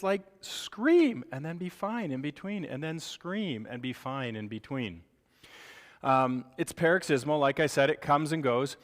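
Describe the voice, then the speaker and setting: In a big-room acoustic, a man with a mid-range voice gives a live medical lecture to clinicians. He's animated and jokey, acting out how parents react.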